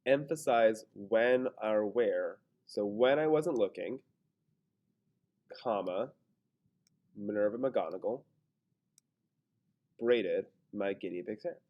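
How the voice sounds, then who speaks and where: In a screen-recorded grammar lesson, a man teaches casually, thinking aloud and talking himself through his own mistakes. His fairly low voice takes things slowly, and the sound is lo-fi.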